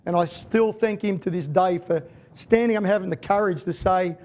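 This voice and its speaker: A man's voice: high voice, moderate pace, a little mellow. An Australian man giving a conference keynote as a sports strategist, telling stories with jokes. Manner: storytelling, joking. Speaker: guest speaker and sports strategist.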